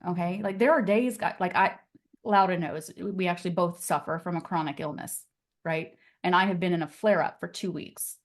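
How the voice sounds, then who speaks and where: A woman teaching real estate agents on a live video call. Her delivery is energetic and chatty, scattered with "like" and "okay?" as she pushes the group along. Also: lowish voice, normal speed. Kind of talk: live online class coaching.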